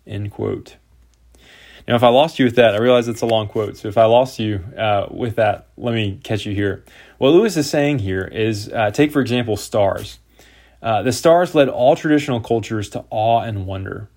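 Lecturing man with a lowish voice. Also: moderate pace, a little mellow. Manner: reads quotes aloud, with fillers and restarts. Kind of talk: lecture on scripture and literature.

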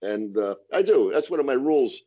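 Animated, profane storytelling man. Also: medium pitch, a little fast, lo-fi sound. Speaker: stand-up comedian guest. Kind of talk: casual podcast storytelling.

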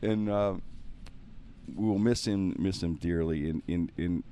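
A man with a notably deep, low-pitched voice chats casually as a podcast host. He tells funny stories with animation, putting on voices for the people in them and laughing along. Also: unhurried, clear, resonant tone. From Pittsburgh, USA. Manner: animated, acts out voices in anecdotes, laughs often. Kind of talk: casual storytelling.

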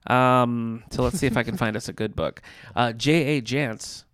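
A man's voice: medium pitch, normal speed, a bit bright, clear, resonant tone, no echo, studio quality. A man co-hosting a podcast, teasing his co-host and reading book blurbs aloud. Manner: teasing, reads synopses aloud.

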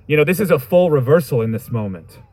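A man's voice: on the high side, lively intonation, fast talker, warm tone, dry recording. A man preaching a sermon, reading scripture and reflecting on it in a thoughtful, conversational way with informal asides.

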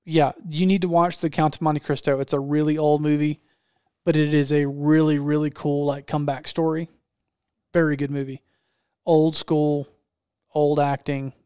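A man in easy conversation who rambles with enthusiasm and keeps circling back to restart his thoughts. His voice is smooth and clear, pitched a little high, and sits close and dry on the mic. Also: little pitch movement, normal speed, mellow, no room sound. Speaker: podcast host. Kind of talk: casual chat.

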